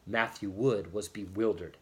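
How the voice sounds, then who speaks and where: A man reading a novel chapter aloud in a steady, expressive storytelling manner. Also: fairly low pitch, a little slow. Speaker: audiobook reader.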